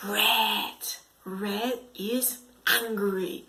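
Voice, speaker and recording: Slow, lively woman teaching preschoolers. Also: on the high side, slight background noise. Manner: slow, exaggerated and expressive, with gasps and whispered asides. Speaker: English teacher for young children. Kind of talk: storytelling lesson for preschoolers.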